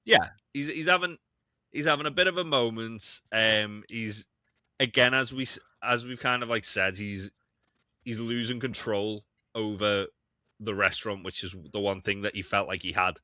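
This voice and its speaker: Low, sweary podcast guy. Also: bright, forceful tone, dry recording, highs cut off. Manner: halting, sweary. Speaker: podcast co-host. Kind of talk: casual chat.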